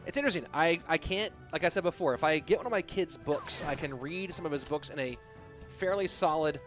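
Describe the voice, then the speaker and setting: A somewhat high-voiced man casting a live esports match, casual and chatty as he replies to viewers between plays. Music runs clearly under his voice. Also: brisk, fairly bright tone. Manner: chatty, reads and answers chat while casting. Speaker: esports caster. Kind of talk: live game commentary.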